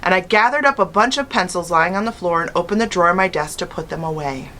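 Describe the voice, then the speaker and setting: A woman teacher reads a children's chapter book aloud, telling the story in an expressive first person. Her voice sits on the low side but sounds bright and crisp. She keeps the story moving. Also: fast talker, slight background noise.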